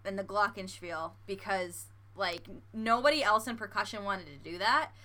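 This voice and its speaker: A woman's voice: mid-range voice, moderate pace. A young woman co-hosting a podcast, chatting casually and giggling often, full of fillers. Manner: giggly, animated, many fillers. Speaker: podcast co-host. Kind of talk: casual chat.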